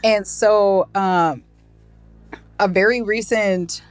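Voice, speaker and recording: A woman's voice: mid-range voice, very slow, smooth, faint music behind. Woman podcast host chatting casually. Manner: relaxed, chatty, backchannels often. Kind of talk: casual chat.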